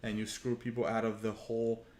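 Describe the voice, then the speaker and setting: A man's voice: fairly low pitch, monotone, fairly quick, a little mellow. Frustrated man ranting, echoey room. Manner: frustrated, profane, rambling, acts out quoted dialogue. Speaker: gaming channel host. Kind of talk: casual storytelling rant. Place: home room, livestream.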